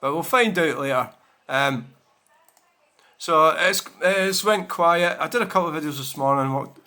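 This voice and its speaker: A man's voice: on the high side, moderate pace, pushed and bright. A man chatting casually to his viewers, rambling with many fillers and restarts. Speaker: channel host. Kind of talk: casual chat to camera.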